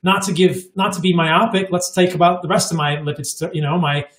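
A man's voice: fairly high pitch, fairly even intonation, brisk, fairly bright tone, reverberant. A man in his forties, a podcast guest, talking emphatically and repeating words for stress. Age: 40s. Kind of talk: casual chat.

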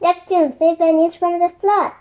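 Woman reader playing a jittery young boy, high voice, urgent cries. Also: expressive, normal speed, dark tone, muffled recording. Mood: anxious. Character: nervous, careful young boy.

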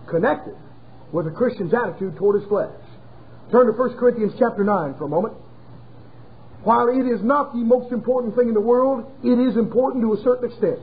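A man preaching a sermon to his congregation in a folksy, emphatic way, slowing down hard on key words. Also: high voice. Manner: folksy, emphatic preaching with sudden slowdowns and chuckles. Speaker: pastor. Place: church. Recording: tinny phone-like audio.

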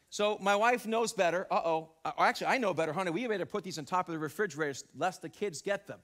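A middle-aged man preaching a sermon in a church, telling stories in an animated way, exclaiming and repeating his phrases. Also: high voice. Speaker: pastor. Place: church sanctuary.

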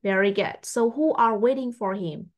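A woman English teacher, patiently testing a young pupil and repeating her questions slowly. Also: a little high. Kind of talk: online English test with a child.

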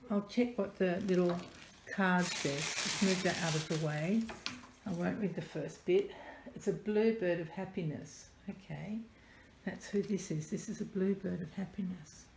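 A woman unboxing a parcel on camera as a doll collector vlogger, gushing and softly delighted, often dropping to breathy whispers. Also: fairly low pitch, a little slow. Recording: echoey room with faint noise.

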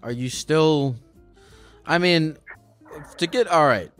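A man's voice: a little high, slow, a bit bright, faint music behind. A man hosting a call-in show, pressing a caller with blunt, profane questions. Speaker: host.

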